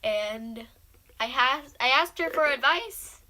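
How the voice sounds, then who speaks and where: A woman's voice: high voice, expressive, slow, pushed and bright. A young woman telling a rambling, giggly story about a friend in a casual vlog.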